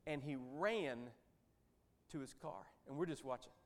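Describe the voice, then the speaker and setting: A man in his fifties with a medium-pitched voice gives a church talk as a lay speaker. He tells his stories in a relaxed, folksy way and drops in dry, joking asides. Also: measured pace. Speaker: Christian businessman speaker.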